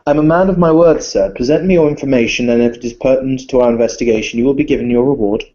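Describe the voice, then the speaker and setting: A man voicing a calm, polished aristocratic vampire banker who speaks with formal, courteous phrasing. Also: medium pitch, fast talker, dull audio, lightly acted. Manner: courteous, formal, slightly fussy with hesitations.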